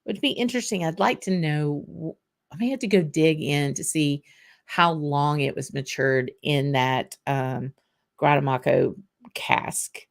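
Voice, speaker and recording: A woman with a low-sitting voice and a Southern US accent speaks a little slowly while hosting a casual whisky livestream. She responds to viewer comments in a loose chat peppered with ums and laughs.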